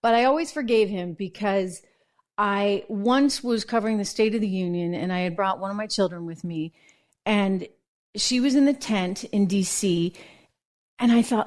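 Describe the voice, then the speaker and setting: A woman hosting a political commentary show, telling stories in a chatty, animated way. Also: mid-range voice, normal speed. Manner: chatty, animated storytelling with laughs. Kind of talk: casual news commentary.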